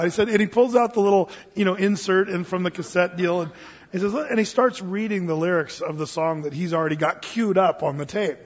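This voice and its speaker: A man preaching a sermon in a church, telling stories with animated delivery and acting out the voices of others. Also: high-pitched, a little fast, big-room sound, dull audio. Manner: animated storytelling, acts out quoted voices. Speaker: pastor.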